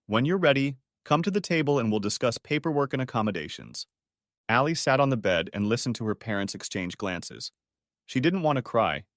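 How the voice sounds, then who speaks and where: A man narrating an audiobook story in a measured, scripted reading. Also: on the low side, no echo, clean studio sound.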